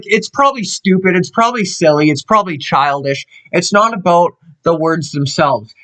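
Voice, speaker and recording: Young Canadian guy with a high voice, heated unscripted vlog rant, swears a lot, trips over his own sentences. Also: bright, forceful tone. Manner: emphatic, profane, rambling with restarts. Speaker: channel host.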